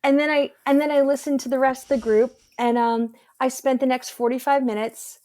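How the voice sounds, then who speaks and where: A woman, guest and energy healer, telling a personal story in an animated, earnest way on a video call. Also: high-pitched, brisk, no room sound. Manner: animated, earnest, rambling with fillers. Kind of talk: casual storytelling conversation.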